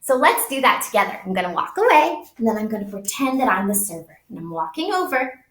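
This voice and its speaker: A woman teaching young children, speaking slowly in an exaggerated, sing-song teacher voice during make-believe play. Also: mid-range voice, sing-song, fairly bright tone, echoey room. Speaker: preschool teacher.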